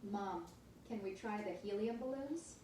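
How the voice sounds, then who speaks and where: A woman's synthetic voice reading the lines of a cheerful young girl hedgehog in a storybook, in a smooth, evenly paced read. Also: mid-range voice, a little slow, mellow, far from the mic, slight background noise, close to an everyday voice. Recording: echoey room, smart speaker heard from afar.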